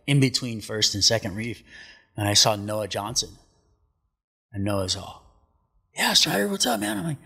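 Brief: middle-aged man, podcast guest, casual storyteller, breathy and low, swears freely. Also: pushed and bright. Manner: laid-back, swears a lot, acts out quotes. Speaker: podcast guest, pro surfer. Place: studio.

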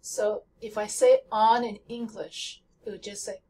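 A woman gives a pronunciation lesson at a slow, deliberate pace, carefully repeating example words to show each sound. Her voice sits a bit back from the microphone. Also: mid-range voice, fairly even intonation, dark tone, recorded from a distance. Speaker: language teacher.

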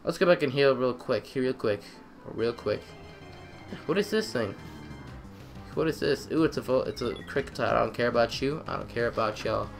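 A young man giving excitable let's-play commentary, trash-talking the game and repeating phrases in quick bursts. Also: medium pitch, creaky, soft background music. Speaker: gamer.

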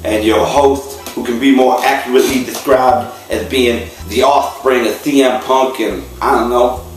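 A man's voice: medium pitch, fairly even intonation, moderate pace, soft background music. Indignant slangy man in echoey room. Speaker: guest host. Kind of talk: comedic rant.

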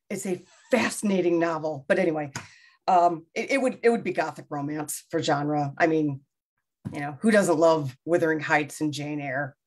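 A woman's voice: on the low side, a little mellow. Middle-aged woman author, chatty and self-deprecating, restarts often; casual interview. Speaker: debut novelist being interviewed.

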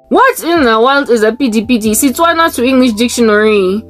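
A woman with a fairly high voice talks through a loose, rambling vlog as a Christian vlogger. She reads search results aloud and slips into sing-song chanting. Faint music plays underneath. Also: lively intonation, brisk, few pauses. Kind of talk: casual vlog monologue.

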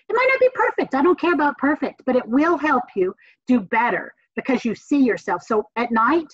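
Southern American woman, professor type, bright-leaning higher voice, energetic and encouraging; dull, dry lo-fi sound. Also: breathy edge, dry recording. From Southern United States. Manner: energetic, encouraging, emphatic repetition. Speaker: communications professor. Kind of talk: classroom lecture.

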